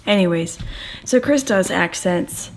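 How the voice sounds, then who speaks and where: Woman co-hosting a home vlog, teasing and nudging him, jumps in fast, bit of faint noise behind. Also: fairly low pitch, lively intonation. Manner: teasing and pushy, quick interjections. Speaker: vlog co-host. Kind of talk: casual chat at home. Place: home at night.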